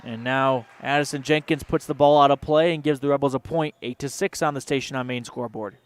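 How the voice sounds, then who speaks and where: Smooth-voiced radio play-by-play man. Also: medium pitch, steady tone. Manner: rapid play-by-play with sponsor mentions. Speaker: play-by-play announcer. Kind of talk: local radio sports commentary.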